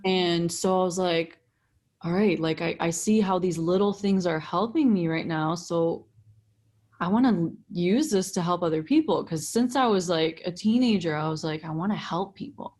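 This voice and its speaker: A young woman with a lowish voice tells her story in a loose, chatty way. She swears freely and leans on "like" constantly, with lots of energy. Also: moderate pace. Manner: animated, swears freely, heavy use of "like". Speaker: breathwork facilitator, podcast guest. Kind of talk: casual storytelling.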